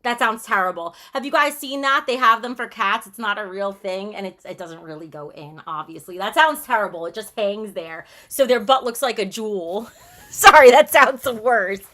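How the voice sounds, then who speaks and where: Bright-voiced woman chatting on a livestream. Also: medium pitch, expressive, moderate pace. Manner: chatty and blunt, reads out and answers chat; breezy, frank and irreverent. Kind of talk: casual livestream chat.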